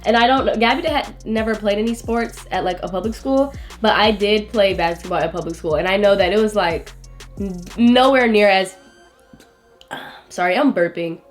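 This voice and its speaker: A woman's voice: medium pitch, fairly quick, faint music behind. A young woman in her late teens hosting a casual vlog, chatting while eating, full of "like" and slang. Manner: chatty, heavy use of "like", slangy. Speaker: vlogger host.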